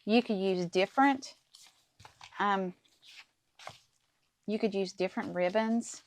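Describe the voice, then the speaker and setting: A woman's voice: mid-range voice, takes it slowly, a little hiss or hum. A middle-aged woman hosting a casual craft tutorial, chatting to viewers as she works through each step. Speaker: crafting channel host.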